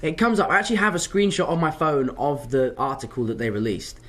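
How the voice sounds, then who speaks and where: A young man with a slightly high voice talks fast. He's an actor fielding fan questions in a casual live Q&A, telling stories in an animated, chatty way and tossing in self-mocking asides.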